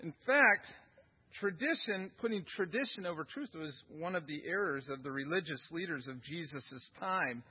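A high, husky-voiced man delivers a sermon from the pulpit. He is earnest and stacks repeated words to drive points home. The recording sounds dull and lo-fi. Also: expressive, moderate pace. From United States. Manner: earnest, repeats phrases for emphasis. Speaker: pastor.

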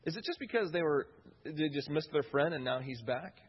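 A man's voice: fairly high pitch, lively intonation, brisk, slightly rough, lo-fi sound. A man preaching a sermon in an earnest way, often repeating key phrases for emphasis.

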